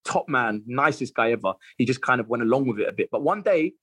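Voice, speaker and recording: A man, a footballer guest telling lively anecdotes in a casual interview, laughing and repeating himself. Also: medium pitch, fast, slightly rough.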